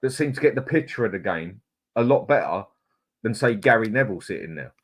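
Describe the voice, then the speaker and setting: A man offering his take on football in a relaxed podcast chat. He speaks at a middling pitch and pauses as he picks his words. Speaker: podcast co-host.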